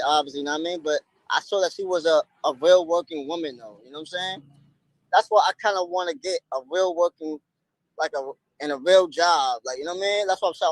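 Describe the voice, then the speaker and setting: A man's voice: on the high side, dry recording, low-quality recording. A man, chatting casually and playfully on a livestream in heavy slang. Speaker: streamer.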